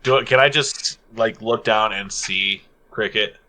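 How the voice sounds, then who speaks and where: A man playing a tabletop game, talking hesitantly with many pauses and fillers. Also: fairly low pitch, bright, forceful tone. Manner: hesitant, lots of ums and likes. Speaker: player. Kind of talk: casual tabletop play.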